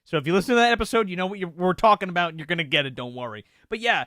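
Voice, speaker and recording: A man with a bright, fairly high voice rambles along eagerly while co-hosting a casual live show. His pitch moves a lot as he talks. The recording is close and dry. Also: lively intonation, rapid-fire, no room sound. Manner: rambling, enthusiastic, loose. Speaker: podcast co-host. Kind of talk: casual livestream chat.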